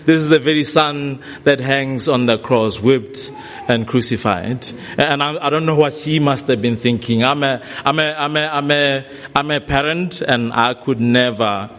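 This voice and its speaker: A man's voice: mid-range voice, a bit bright. Earnest man preaching in a reverberant hall. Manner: earnest, repeats key phrases for emphasis. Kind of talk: sermon. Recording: long reverb of a large hall.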